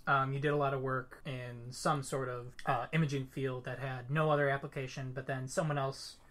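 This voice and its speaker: A young man in his twenties co-hosting a relaxed podcast. He talks in a playful, joking way and throws out questions, at a middle pitch that sits in the usual range for a man. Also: moderate pace. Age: 20s. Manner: jokey, playful, asks questions. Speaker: podcast co-host. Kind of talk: casual chat.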